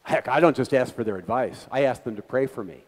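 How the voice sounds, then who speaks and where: A man's voice: medium pitch, a little fast. Middle-aged guy telling stories to a gathering, keeps restarting, echoey hall sound. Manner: animated storytelling with quoted voices and restarts. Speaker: guest speaker. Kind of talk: conversational talk to a gathering. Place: meeting hall.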